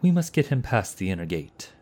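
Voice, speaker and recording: A man's voice: fairly low pitch, big pitch swings, fairly quick, darkish tone, voice pushed up. A man doing a grave, solemn knight. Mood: urgent. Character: solemn grim male knight, resolute.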